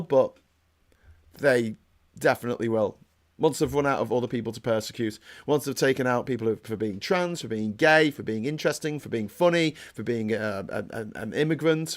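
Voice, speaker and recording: A man of medium pitch hosts a casual political commentary livestream, rambling and often restarting his sentences. He gets heated and reads out comments from viewers.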